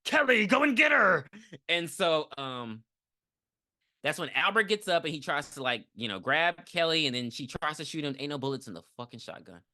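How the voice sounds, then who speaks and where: A woman podcast co-host recapping a movie in a casual, profane, animated way, acting out lines as she goes. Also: sits low, fairly quick.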